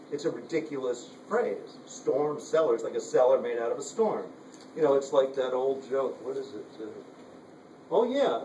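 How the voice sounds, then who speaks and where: A man's voice: medium pitch, a little mellow, slight background noise. A man teaching a writing workshop in a loose, rambling way, full of "you know" and "like.". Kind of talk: casual workshop talk. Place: room at a writers' retreat. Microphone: handheld camera from across the room. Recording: roomy, distant camera audio.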